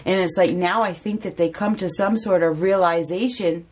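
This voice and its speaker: A woman's voice: on the low side, moderate pace, darkish tone. A woman giving a casual spoken tarot reading, chatty and repeating phrases for emphasis. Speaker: tarot reader.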